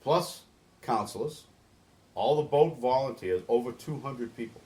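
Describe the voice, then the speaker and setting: A middle-aged New England man, a boatyard volunteer organizer, is a guest in an interview. His mid-range voice has a dark tone and lively intonation, and he speaks unhurriedly. He tells a long story earnestly and with feeling, often starting his sentences over.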